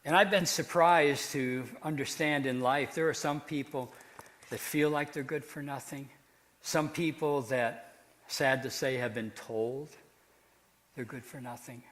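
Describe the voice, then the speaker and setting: A man's voice: medium pitch, steady tone, a little slow, a bit bright. A man preaching to a live audience, telling a story in an earnest, emphatic way. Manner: earnest, emphatic speaking to a crowd. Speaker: preacher and ventriloquist.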